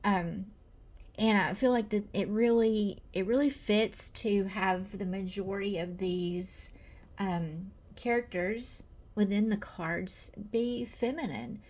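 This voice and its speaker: A woman's voice: mid-range voice, takes it slowly, a little mellow. A woman with a Southern American accent, chatty and gushing, presenting her own tarot deck in a casual video with many fillers.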